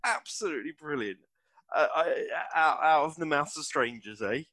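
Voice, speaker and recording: A man's voice: fairly high pitch, lively intonation, normal speed, bright, forceful tone, no room sound. A man hosting an interview, enthusiastic and stumbling over his questions. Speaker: podcast host.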